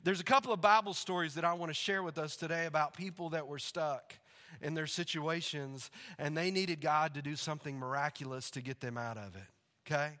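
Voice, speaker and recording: A male pastor delivers a sermon in a chatty, storytelling way, with a high-set and bright voice. His words ring out with long reverb across a church sanctuary. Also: a little fast. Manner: conversational storytelling, laughs along.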